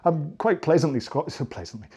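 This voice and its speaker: A man's voice: a little high, lively intonation, a little fast, darkish tone, husky, highs cut off. A Scottish man, around his forties, leading a follow-along stretching session as a rowing instructor, talking in a jokey, rambling, self-deprecating way. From Scotland.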